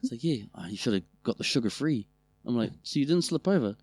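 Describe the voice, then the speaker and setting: A man with a New Zealand accent, co-hosting a podcast and telling family stories in a loose, animated way, with a lot of swearing. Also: medium pitch, quick pace, no room sound. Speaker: podcast co-host. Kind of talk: casual storytelling chat.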